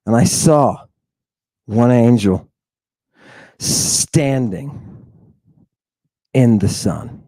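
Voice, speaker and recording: A man's voice: medium pitch, lively intonation, warm tone, no echo. A man hosting a talk show, giving theatrical commentary on scripture with mocking, preacher-like calls to his audience and many rhetorical questions. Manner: rhetorical questions, drawn-out emphasis. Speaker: podcast host.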